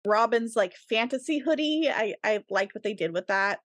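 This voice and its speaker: A woman's voice: a little high, animated, moderate pace, a bit bright, no room sound. A woman co-hosting a casual podcast, enthusiastically listing her favorite costumes with frequent giggles. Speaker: podcast co-host. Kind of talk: casual chat.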